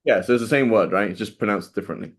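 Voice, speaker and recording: A man lectures a class very fast in a fairly low voice with a breathy edge. He teaches in a relaxed, chatty manner, asking students questions and checking in with "right?" constantly.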